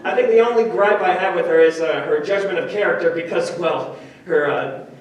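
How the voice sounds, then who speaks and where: A young man doing a stand-up comedy set before a live audience, self-deprecating and rambling, with restarts and quick switches into other voices. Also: sits high, lo-fi sound. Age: young adult. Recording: echoey room, far from the mic.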